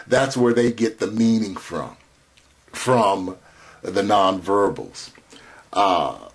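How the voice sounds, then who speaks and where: A man giving a recorded lecture in a slow, measured way, spelling out key terms. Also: fairly low pitch, darkish tone.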